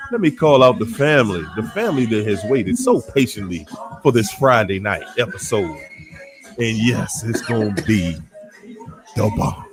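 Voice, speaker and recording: Laid-back animated DC man hosting. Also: fairly low pitch, measured pace, over music. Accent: Washington DC. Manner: animated and playful, slangy, laughing often. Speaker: host of a live online show. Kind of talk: casual shout-outs to live viewers.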